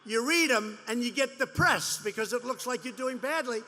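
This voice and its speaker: At a large indoor rally venue, a male politician gives a rambling, repetitive campaign speech to supporters, mocking and boastful. His very high-pitched voice is bright and forceful at normal speed, with long hall reverb and faint background noise.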